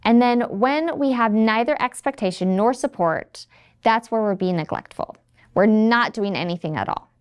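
Scripted instructional narration for teacher training comes from a woman in her thirties who trains educators. Her fairly high voice is clean-toned and moderately paced, and she stays friendly while acting out quoted lines.

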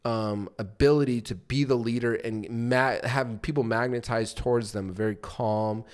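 Smooth-voiced man coaching on sales. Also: mid-range voice, fairly even intonation, moderate pace. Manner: explains by acting out short examples; loose, with frequent fillers and restarts. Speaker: podcast co-host and sales coach. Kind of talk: casual instructional talk.

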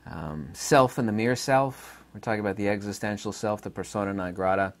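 A man's voice: lowish voice, fairly quick. A man hosting his own channel, giving an unscripted, rambling philosophy talk full of fillers and asides. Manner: rambling, digressive, with frequent fillers. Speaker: channel host.

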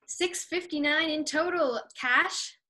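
A woman acting student delivering a line in a quiet, husky near-whisper during an acting exercise. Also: high-pitched, takes it slowly.

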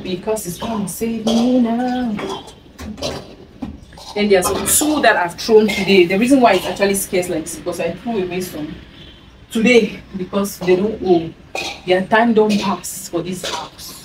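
A woman from Cameroon in her thirties, chatting bubbly and fast while she cooks at home for her vlog. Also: mid-range voice. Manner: bubbly and chatty, often bursting into song. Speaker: cooking vlogger. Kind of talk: casual cooking chat. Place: home kitchen. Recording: distant mic with clear background noise.

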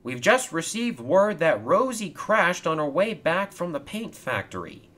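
A man's voice: a little high, very animated, a little slow, a bit bright, voice pushed up. A man voicing a matter-of-fact male railway workman in a toy train storybook video.

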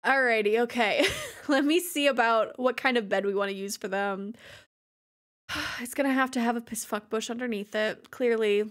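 Woman, game streamer, high voice, giggly, crude humor, casual chat with viewers. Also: moderate pace, a bit bright. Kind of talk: casual livestream chat while playing.

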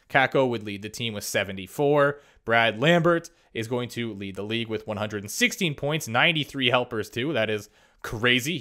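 Bright-voiced excitable young man. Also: medium pitch. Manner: excitable, quick reactions and laughs while reading stats. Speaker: gaming YouTuber. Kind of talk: casual video game commentary.

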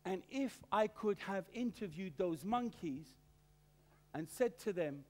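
A man's voice: sits high, expressive, slow pace, darkish tone. A man preaching a sermon, telling a story animatedly with stammered repeats of words.

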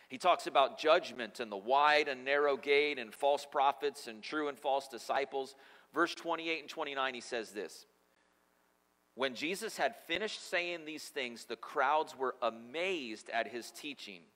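A man preaching a sermon as pastor, telling scripture stories with lively acted-out voices. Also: medium pitch, in a large hall. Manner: animated storytelling, acting out voices in scripture scenes. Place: church sanctuary.

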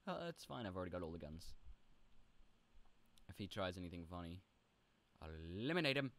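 A young man with a low voice chats casually through a game session. He is playful and rambling, and often jumps into high, goofy squeaks. The delivery stays loose and conversational. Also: sing-song, normal speed, a bit bright. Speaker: gaming video host. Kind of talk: casual role-play commentary.

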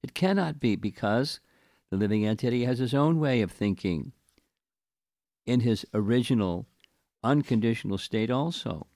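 An older man giving a scripture class, reading a long commentary slowly and deliberately and explaining it to his listeners. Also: medium pitch, animated, darkish tone, no room sound, studio quality. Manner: slow, deliberate reading with chanted verse recitation.

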